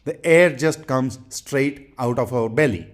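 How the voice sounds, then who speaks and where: A man teaching English pronunciation, saying each practice word twice in a deliberate, instructional way. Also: medium pitch, faint music behind. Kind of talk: slow instructional drilling.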